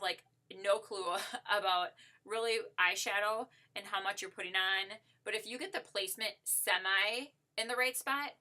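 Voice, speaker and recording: Demonstrating on herself, a woman gives a casual makeup tutorial in an upbeat, gushing way, filling her speech with "like" and "so." Her medium-pitched voice is bright with a forceful tone.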